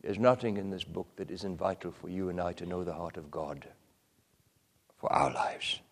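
A man preaching a sermon with passion, moving between loud cries and hushed whispers. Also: sits low, brisk, in a large hall.

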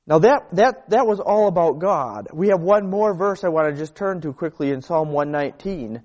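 A man preaching a sermon, emphatic, repeating phrases and letting his sentences fall to quiet, low endings. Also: animated, moderate pace, lo-fi sound.

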